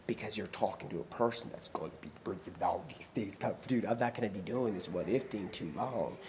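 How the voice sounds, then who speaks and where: A man's voice: lowish voice, a little fast, hardly any pauses, a little mellow, a little hiss or hum. A man hosting a live stream, rambling through a long story and acting out the characters he quotes. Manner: rambling, acts out quoted characters in shifting voices. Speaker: livestream host.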